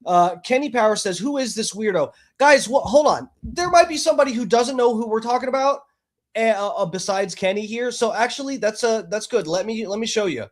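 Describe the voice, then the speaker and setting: A man's voice: high-pitched, expressive, a little fast. A man hosting a live stream, giving profane, mocking, agitated commentary. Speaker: streamer host.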